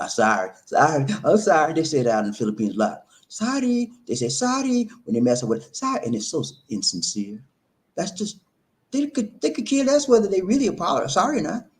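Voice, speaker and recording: A man with a lowish, darkish voice hosts a relationship talk, delivering an emphatic, preachy monologue packed with repetition and rhetorical questions.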